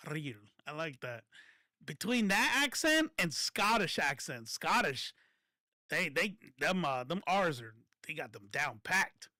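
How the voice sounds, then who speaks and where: A man's voice: fairly high pitch, big pitch swings, a little slow, bright, forceful tone, no echo. A man giving casual, profane political commentary that rambles, stopping and restarting often.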